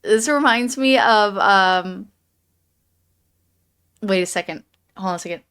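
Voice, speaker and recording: A woman's voice: mid-range voice, measured pace, fairly bright tone, clean tone. A young woman chatting about a novel as a podcast co-host, jumping ahead and trailing into hesitant asides. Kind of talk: casual book discussion.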